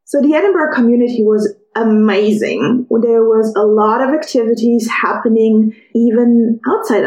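A woman with a fairly high voice tells a personal story on her podcast. She is lively and acts out what other people said. Her voice sounds echoey, as if she is in a bare room. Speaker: podcast host.

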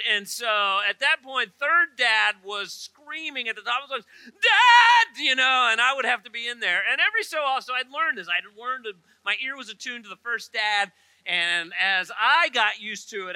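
A man's voice: very high-pitched, sharp tone, no echo, rough recording. A middle-aged man, preaching a sermon in a church with humorous storytelling and chatty asides. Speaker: pastor. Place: church auditorium.

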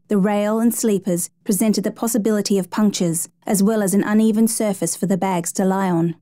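A woman narrates a true rescue story in a steady, measured storytelling voice. Her tone is warm and mellow, sitting in the middle of the usual range. The sound is close and dry, with no room around it. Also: medium pitch, no echo.

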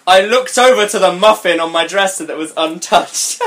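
A man's voice: high-pitched, moderate pace, fairly bright tone, a little hiss or hum. A man co-hosting a comedy podcast, reading fan fiction aloud in a mock-melodramatic way, swearing, laughing and commenting between lines. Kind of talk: comic dramatic reading with commentary.

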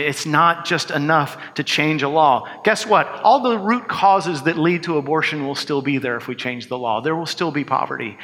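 A man's voice: on the high side, bright, forceful tone. Earnest preacher man in a reverberant hall. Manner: earnest, conversational preaching with wry asides. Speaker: pastor. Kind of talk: sermon.

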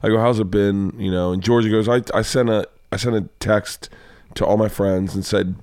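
A man comedian hosts a casual podcast chat, telling stories in a loose, profane way. His voice sits on the low side and is recorded dry and close in a podcast studio. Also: fairly even intonation, moderate pace, darkish tone, smooth, dry recording.

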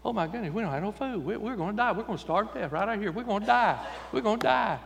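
A man's voice: sits high, quick pace, vocal fry. A man voicing frantic, whining Israelites who are sure they will all die. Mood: panicky whining. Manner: whiny, wailing, frantic. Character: panicking complaining crowd of Israelites. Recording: long church reverb.

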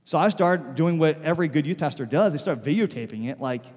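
Speaking fast in a husky, darkish voice on the high side, a male pastor spins stories for the congregation gathered in his sanctuary. The sermon is casual and conversational, studded with "like," and the church hall reverberates long.

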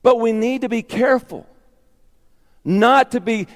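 A man's voice: extremely high pitch, measured pace, big-room sound. A man preaching a sermon as pastor, emphatic and repeating his key phrases.

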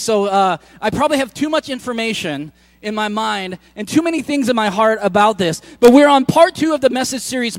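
Male pastor, middle-aged, high register, close dry sound; chatty sermon delivery that stumbles and restarts. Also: no echo. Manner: conversational, joking asides with frequent restarts. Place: church.

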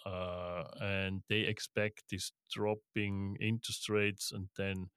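Middle-aged man, guest, a lowish voice, dry close sound, lively anecdotes. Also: takes it slowly, hardly any pauses, smooth, no room sound. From Switzerland. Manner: lively storytelling with laughs, frequent restarts. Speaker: guest, investment firm co-founder. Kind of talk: casual interview talk.

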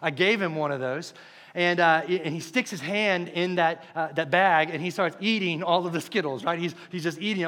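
A young man preaching a conversational, animated sermon full of stories. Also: fairly high pitch, brisk. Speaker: pastor.

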